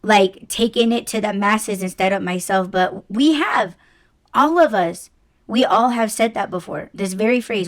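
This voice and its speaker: A woman's voice: mid-range voice, a little slow. A woman hosting a solo podcast, talking bluntly and casually, swearing freely and using lots of fillers. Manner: conversational, with fillers like "like" and "you know". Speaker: podcast host.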